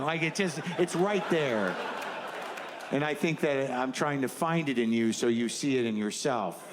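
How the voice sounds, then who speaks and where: A man's voice: mid-range voice, animated, a little slow. A man doing a stand-up set, rambling and self-doubting, bluntly honest in his asides. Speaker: stand-up comedian. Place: comedy stage with a laughing audience. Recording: live room noise.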